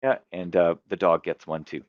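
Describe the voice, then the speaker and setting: A man's voice: low-pitched, steady tone, moderate pace, no echo, dull audio. A man hosting a podcast, chatting casually as a game master who tells a long story and often stops to correct himself. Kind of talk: casual chat about tabletop games.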